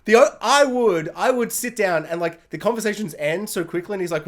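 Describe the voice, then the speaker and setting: A man ranting casually in a show review, excitable and rambling with lots of fillers. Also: high voice, brisk, few pauses.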